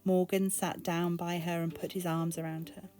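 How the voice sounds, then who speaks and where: A woman's voice: fairly low pitch, flat delivery, normal speed, mellow, faint music behind. British woman reading a novel aloud. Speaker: booktube reader.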